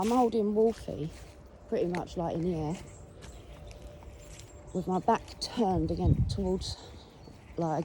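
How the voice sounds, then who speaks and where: Walking a dog outdoors on a rural route, an English-accented vlogger with a mellow mid-range voice rambles through a story, pausing to speak to the dog. Wind and traffic noise fill the recording.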